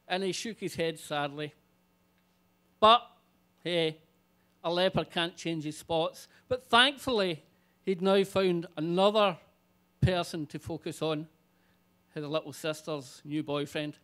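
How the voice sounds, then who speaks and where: A man telling a comic personal story live on stage, animated and swearing freely. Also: on the high side, slow, long pauses, clear, resonant tone.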